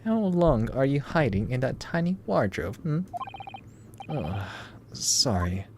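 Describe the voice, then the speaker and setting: Man putting on a gruff Russian ship officer. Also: medium pitch, sing-song, slow, background noise, pitched above the performer's own voice. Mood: accusing. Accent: put-on Russian. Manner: menacing, clipped, accusing. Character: stern Eastern European male ship officer.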